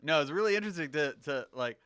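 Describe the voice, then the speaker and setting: A man chatting casually as a game streamer on a livestream, rambling and thinking out loud. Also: fairly high pitch, animated, fast, clean tone. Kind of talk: casual livestream chat while gaming.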